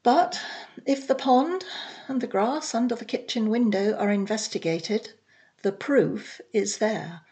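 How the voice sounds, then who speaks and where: A woman reading aloud, voicing a weary older woman who speaks quietly and slowly. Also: fairly high pitch. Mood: resigned. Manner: quiet, soft-spoken.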